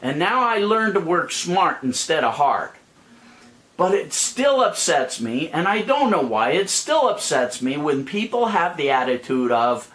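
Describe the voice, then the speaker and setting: A man's voice: on the high side, big pitch swings, a little slow, fairly bright tone. A middle-aged man ranting to his viewers, blunt and profane, calling people idiots and describing himself as a plain speaker. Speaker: YouTube money-making vlogger.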